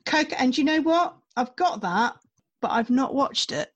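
A woman co-hosting a casual film review podcast, relaxed and easygoing. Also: high voice, normal speed, lo-fi sound. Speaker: podcast co-host.

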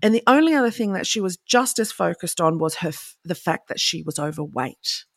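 A woman's voice: fairly low pitch, lively intonation, brisk, dry recording, studio quality. A woman in her forties co-hosting a casual chat, candid and impassioned, laughing often. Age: 40s. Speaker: podcast co-host.

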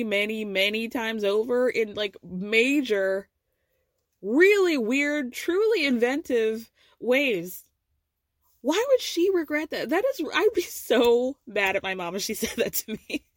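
A woman hosting a casual pop culture recap podcast, sassy and animated, swearing freely and laughing often. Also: on the high side, no room sound, clean studio sound. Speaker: podcast host.

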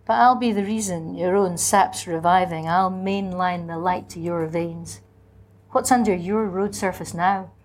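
A woman reading as the ageless spirit of spring, in a lyrical, incantatory and quietly menacing manner. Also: fairly low pitch, unhurried. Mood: lyrical, defiant. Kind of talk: dramatic literary reading.

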